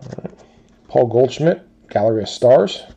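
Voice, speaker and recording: A man's voice: mid-range voice, gravelly, breathy edge, highs cut off. A man hosting a card break, steadily reading out team names and players one after another. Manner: steady rapid-fire listing of teams and players. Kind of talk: calling out cards in a box break.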